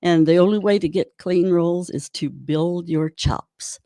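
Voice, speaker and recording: A woman's voice: fairly low pitch, measured pace, mellow, no echo, studio quality. A woman giving an online drum clinic, chatty and encouraging while she demonstrates rudiments. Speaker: drum instructor.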